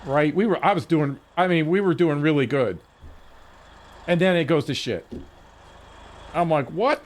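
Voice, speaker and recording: High-voiced man rambling, swearing. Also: normal speed. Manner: rambling, profane storytelling with restarts. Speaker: game streamer. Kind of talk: casual stream chat.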